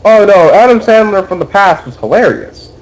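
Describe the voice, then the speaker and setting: A man's voice: high-pitched, animated, moderate pace, dull audio. A young man co-hosting a casual podcast, ranting about a bad movie with exasperated swearing. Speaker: podcast co-host.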